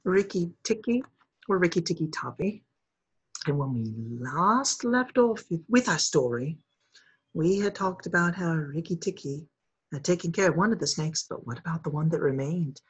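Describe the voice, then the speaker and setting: Husky-voiced woman reading a story aloud. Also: on the low side, moderate pace, rough recording. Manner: friendly, expressive.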